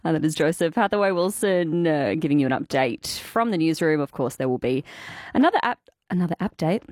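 A woman's voice: sits low, brisk, no echo, studio quality. A woman hosting an afternoon radio show, chatting and laughing with callers in a bubbly manner. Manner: bubbly, giggly, animated. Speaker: radio presenter. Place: radio studio.

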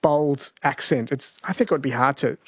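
A man hosting a casual radio chat and quiz, chatty and quick to laugh along with callers. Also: medium pitch, breathy edge, dry recording, studio quality. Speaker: radio host.

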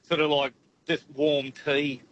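A man's voice: on the high side, flat delivery, measured pace, a bit bright, muffled recording. A man calling in to a radio show from his truck, rambling and jokey, stumbling over his words. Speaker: radio caller. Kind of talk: casual phone-in chat.

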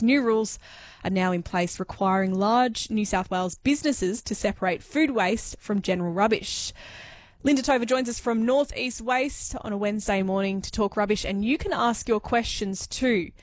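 A woman's voice: fairly high pitch, moderate pace, no echo. Upbeat woman radio host. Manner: upbeat, chatty. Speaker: radio presenter. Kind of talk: radio show hosting.

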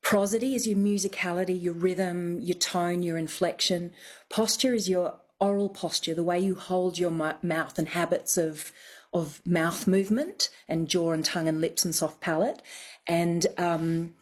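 Low-voiced woman dialect coach. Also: fairly even intonation, moderate pace. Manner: methodical, explains step by step. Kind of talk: explanatory radio chat.

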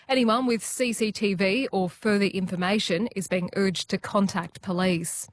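A woman's voice: medium pitch, a little hiss or hum. Australian woman reading radio news. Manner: measured, formal delivery. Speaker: newsreader.

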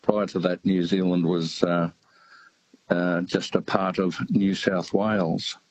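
Older man, low husky voice. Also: little pitch movement, a little mellow, no room sound, poor audio. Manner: hesitant, halting, lots of uh fillers. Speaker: radio caller. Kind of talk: casual chat.

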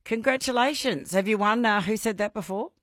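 A woman's voice: mid-range voice, a little fast, a bit bright, dry recording. Woman quiz host, bubbly, laughs often, dry close studio mic. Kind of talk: live radio quiz chat.

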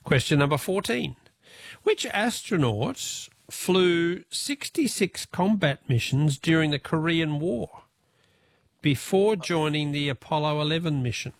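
A man's voice: on the high side, expressive, no room sound, studio quality. A jovial, chatty Australian man hosting a radio quiz and talkback show. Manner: jovial, chatty, quick to laugh.

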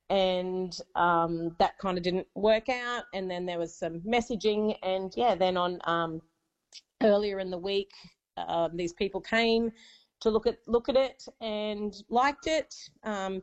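Australian woman in her forties, radio caller, rambling and chatty, muffled line. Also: medium pitch. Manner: chatty, many fillers, becomes emotional. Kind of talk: telling a personal story on radio.

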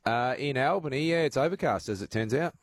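A man hosting a casual radio talkback show, chatty and relaxed, with lots of "uh" fillers. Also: mid-range voice, brisk, no echo. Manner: relaxed, chatty, frequent "uh" fillers, laughs easily.

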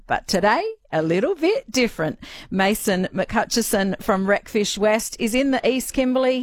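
An Australian woman hosts morning local radio from a close studio mic, her voice dry and clean with no room sound. She chats easily and upbeat, keeping things moving with a guest. Her pitch sits in a middle range. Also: dry recording. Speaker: radio host.

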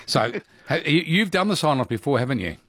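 A man hosting a live radio quiz, chatty and animated, laughing often. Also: a little high, brisk, slightly rough. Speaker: radio host.

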